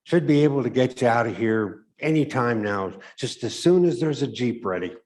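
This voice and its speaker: A man's voice: mid-range voice, lively intonation, moderate pace, a little mellow, lightly acted. A man reading a wry, sarcastic army medic. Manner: dry, sarcastic. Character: wry young male army medic, skeptical.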